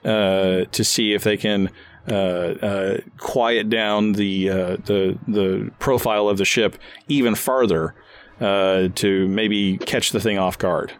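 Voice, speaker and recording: Low-voiced man running a tabletop game. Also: fairly even intonation. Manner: halting, many fillers and restarts. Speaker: game master.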